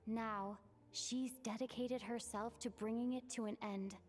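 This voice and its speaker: A woman voicing a determined young female adventurer in a game, calm and reassuring. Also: a little high, unhurried, soft background music, close to an everyday voice. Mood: resolute. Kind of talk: game dialogue.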